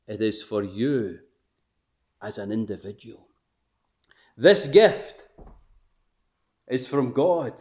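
A man preaching a gospel sermon, emphatic, swelling to forceful peaks and then dropping to hushed endings, asking his listeners questions. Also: mid-range voice.

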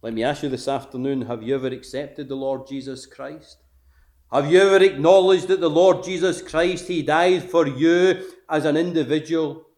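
Male preacher, fairly high voice, swells to forceful peaks then drops to hushed endings, asks his listeners questions. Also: fairly even intonation, moderate pace. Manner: emphatic, rising to forceful peaks and dropping to hushed phrase endings. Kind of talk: gospel sermon.

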